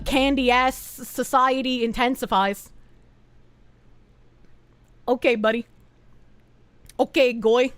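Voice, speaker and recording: High-voiced, foul-mouthed woman streamer. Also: a bit bright, no echo. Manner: profane, exasperated, quick to gasp and laugh. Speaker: streamer reading chat and posts. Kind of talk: casual livestream chat.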